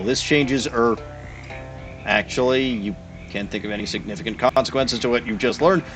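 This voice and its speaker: A man playing a text game, reading its narration aloud with wry, chuckling asides. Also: medium pitch. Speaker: game player.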